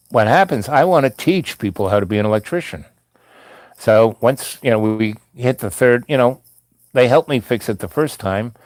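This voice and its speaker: Male storyteller, easygoing and meandering, mid-pitched voice, dry close recording. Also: a little mellow, dry recording. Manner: meandering, full of asides and restarts. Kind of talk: casual rambling storytelling.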